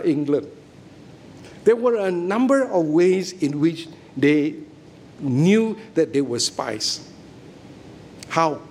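A man's voice: high voice, a little mellow, slight background noise. A middle-aged man preaching a sermon, emphatic and often checking that listeners follow him.

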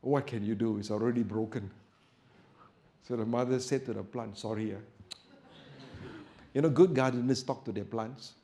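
A male preacher telling a story in a sermon, going from soft, quiet storytelling to loud, emphatic preaching. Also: medium pitch, fairly quick.

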